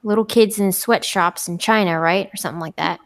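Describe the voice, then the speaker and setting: Giggly ironic woman chatting on a podcast, middle pitched voice. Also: a little fast. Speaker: podcast co-host. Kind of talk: casual chat.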